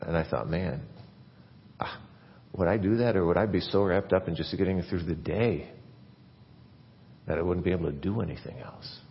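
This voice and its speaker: Male pastor, low voice, earnest sermon, grows louder on key points, dull lo-fi church recording. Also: normal speed, pauses often, in a large hall, a little hiss or hum. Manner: earnest preaching, rising and getting louder when stressing a point.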